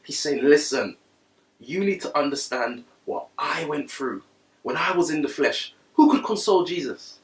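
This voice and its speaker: A man preaching a sermon, reading scripture quietly and then rising to loud, high-pitched bursts of passion. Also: unhurried, echoey room, recorded from a distance, poor audio.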